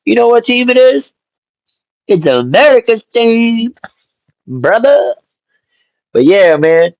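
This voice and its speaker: A man hosting a casual live stream, greeting chat viewers by name and telling stories in an animated, joking way with some swearing. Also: very high voice, slow pace, gravelly, no room sound, dull audio. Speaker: livestream host.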